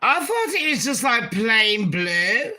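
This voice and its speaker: A woman's voice: fairly high pitch, sing-song, takes it slowly, bright, forceful tone, a little hiss or hum. A woman chatting casually as a gossip vlogger, blunt and crude, swearing freely and tossing asides to her viewers.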